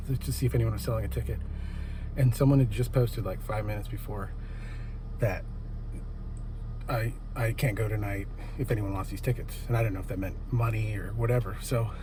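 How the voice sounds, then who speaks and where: A man vlogging from his car, out of breath and excitedly rambling through a story with lots of fillers. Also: medium pitch. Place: parked car. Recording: noisy background.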